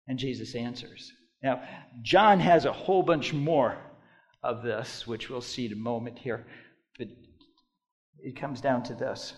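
A male pastor preaching a sermon, dropping to hushed tones and then rising to loud, emphatic bursts. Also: medium pitch, lively intonation, measured pace, pauses often.

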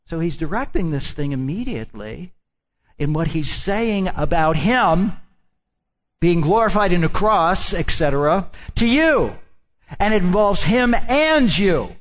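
Slow, lively-pitched preacher man. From Midwestern United States. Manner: emphatic, drawn-out phrases, asks the congregation questions. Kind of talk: sermon.

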